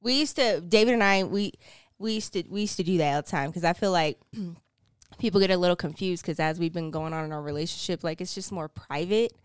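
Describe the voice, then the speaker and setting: A woman's voice: fairly low pitch, a little fast, clear, resonant tone, no room sound, clean studio sound. A woman in her thirties co-hosting a podcast, talking frankly and animatedly and laughing easily. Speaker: podcast co-host. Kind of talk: casual chat.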